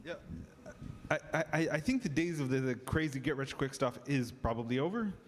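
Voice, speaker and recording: A man's voice: mid-range voice, animated, normal speed. A man on a panel giving blunt, encouraging advice. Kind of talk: panel discussion. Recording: long hall reverb.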